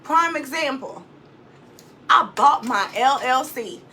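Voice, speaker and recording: A woman life coach talks to her viewers from her home office, animated and repeating key lines for emphasis. Her voice sits high and sounds bright and forceful. A faint hum of the room stays behind her. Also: slow. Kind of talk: motivational vlog talk.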